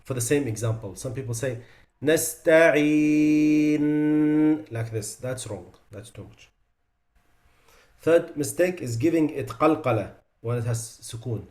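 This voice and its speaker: A man leads a recitation class and walks through common pronunciation mistakes one by one. His voice sits at a middle pitch, and he switches between reciting examples clearly and quietly correcting them. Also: normal speed. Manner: demonstrates sounds by reciting them, then drops his voice to correct them. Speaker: Quran recitation teacher. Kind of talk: tajweed lesson.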